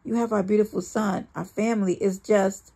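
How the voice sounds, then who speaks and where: A woman's voice: medium pitch, steady tone, moderate pace, gravelly, slightly rough. Woman reading as a jealous, volatile man. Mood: pleading. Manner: swings between shouting rage and pleading.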